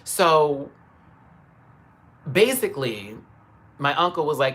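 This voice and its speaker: A man's voice: mid-range voice, lively intonation, normal speed, pushed and bright, breathy edge. A man telling a story on a live stream into a phone camera, emphatic and swearing as he retells it in detail. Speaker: livestreamer.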